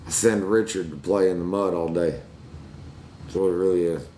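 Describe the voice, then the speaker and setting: Low-voiced guy swearing through childhood stories, laughs at himself, bit of hiss behind. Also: steady tone, normal speed, warm tone. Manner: crude, swearing, laughs at his own stories. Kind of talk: casual storytelling chat.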